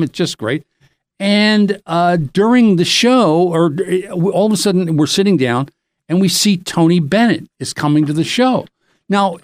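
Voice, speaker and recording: A middle-aged man hosting a podcast, telling a rambling, animated anecdote in casual chat. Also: on the high side, no room sound. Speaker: podcast host.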